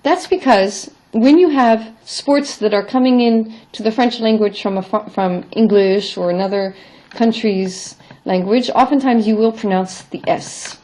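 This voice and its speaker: Mellow-voiced woman teaching a vocabulary lesson. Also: fairly high pitch, unhurried. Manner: explanatory, models French words then glosses them in English. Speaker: French teacher.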